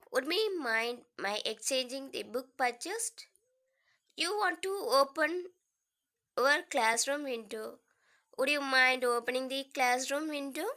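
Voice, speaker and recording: A woman teacher, reading a grammar lesson aloud slowly and deliberately. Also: high voice, a bit bright. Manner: slow, deliberate, careful reading. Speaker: English teacher.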